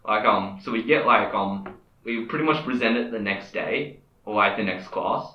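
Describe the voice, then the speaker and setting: A man's voice: on the low side, normal speed, far from the mic, slight background noise. A teenage boy telling a school story in casual chat, joking with lots of "um" and restarts. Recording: echoey room, off-mic and dull.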